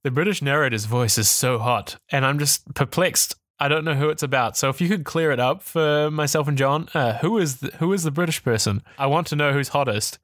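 Ranty podcast co-host, dry close sound. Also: male voice, a little high, fairly quick, hardly any pauses, no echo. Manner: animated, ranty, swears, laughs often. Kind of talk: casual tech chat.

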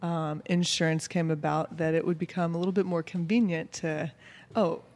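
A man explaining in a casual talk, agreeable and quick to back others up. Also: fairly high pitch, little pitch movement, long reverb tail. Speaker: birth professional guest.

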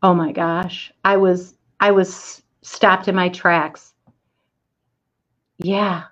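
A woman's voice: lowish voice, little pitch movement, drawn-out words, fairly bright tone, muffled recording. Self-deprecating woman telling a story. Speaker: speaker to an online audience. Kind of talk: inspirational storytelling talk.

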